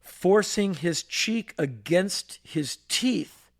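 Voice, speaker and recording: Gravelly-voiced man telling a story. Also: sits high, very slow. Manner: animated, acts out voices and sounds. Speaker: podcast co-host. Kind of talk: storytelling in casual chat.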